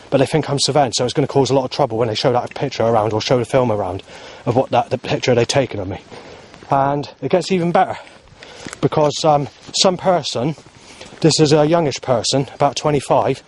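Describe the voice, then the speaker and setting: A man's voice: mid-range voice, a little fast, a little mellow. Guy venting into his camera outside, rambling and agitated, lots of ums, bit of background hum. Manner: agitated, rambling, many fillers and restarts. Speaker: vlogger. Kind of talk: rambling vlog monologue. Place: outdoors in the heat.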